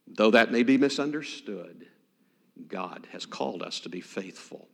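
A man preaching a sermon as pastor, swinging dramatically between loud emphasis and hushed near-whispers. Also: on the low side, animated, measured pace, creaky. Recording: long hall reverb.

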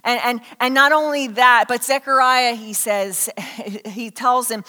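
A woman preacher giving an animated sermon, telling a story and asking the congregation questions. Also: on the high side, normal speed, few pauses. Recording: hall reverb.

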